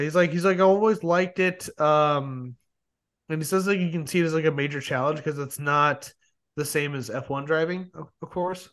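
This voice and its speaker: A young man hosting a podcast, chatting casually in a rambling, excited way with plenty of swearing. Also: fairly high pitch. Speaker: podcast host. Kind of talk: casual chat.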